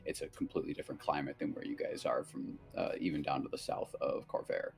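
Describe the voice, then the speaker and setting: A man narrating a tabletop game as game master, in a loose, relaxed way with lots of fillers. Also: extremely low pitch, quick pace, creaky, faint music behind.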